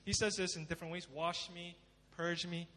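High-voiced pastor preaching in a reverberant hall. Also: male voice, fairly even intonation, moderate pace. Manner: dramatic, swings from loud emphasis to hushed pleading. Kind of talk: sermon.

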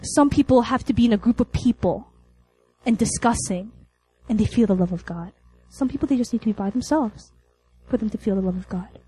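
A woman's voice: fairly high pitch, brisk, dark tone, husky, poor audio. A young adult woman preaching a sermon to college students, telling a story with laughs and acted-out lines.

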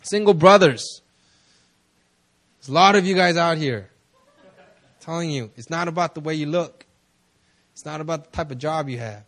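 A young man preaching at a prayer meeting, telling stories in a loose, conversational way, often laughing and jumping up in excitement. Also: a little high, moderate pace, long pauses. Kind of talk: casual sermon with storytelling.

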